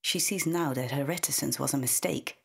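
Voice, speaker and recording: A woman reading a short story aloud in a measured, intimate narrating manner. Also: very deep voice, creaky, a bit bright, slightly rough. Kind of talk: scripted narration.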